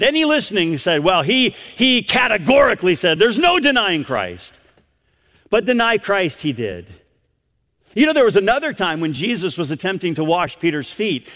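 A man's voice: high voice, big pitch swings, moderate pace, a bit bright. A man preaching a sermon to a congregation, with emphatic stress and acted-out quotations. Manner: emphatic, repeats words for stress, acts out quoted lines. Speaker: pastor. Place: church sanctuary with congregation. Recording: long reverb of a church hall.

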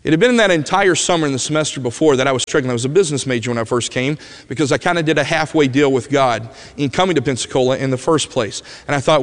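A man preaching a personal testimony as a vivid storyteller, his voice dropping to a hush at tender moments. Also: mid-range voice, fast talker, few pauses. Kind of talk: emotional sermon storytelling. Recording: long hall reverb.

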